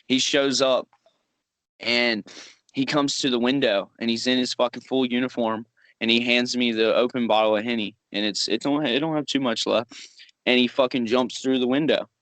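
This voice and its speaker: A man's voice: mid-range voice, steady tone, moderate pace, a bit bright, dry recording. A young man co-hosting a podcast, telling a rambling, profane work story with lots of laughing. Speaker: podcast co-host. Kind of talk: casual storytelling chat.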